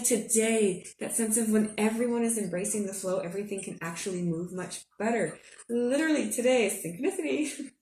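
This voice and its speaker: A woman's voice: mid-range voice, a little mellow, recorded from a distance. Giggly chatty woman, roomy echo. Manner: chatty, giggly, keeps asking "okay?". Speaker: astrology forecaster. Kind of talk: casual spiritual forecast vlog. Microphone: headphones. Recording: roomy echo, a bit off-mic, faint room hum.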